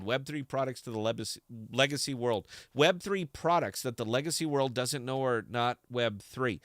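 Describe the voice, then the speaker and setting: A man's voice: mid-range voice, normal speed, hardly any pauses, a bit bright, dry recording. Fired-up ranting male podcast host. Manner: fired-up, blunt, profane ranting. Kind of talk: livestream casual chat.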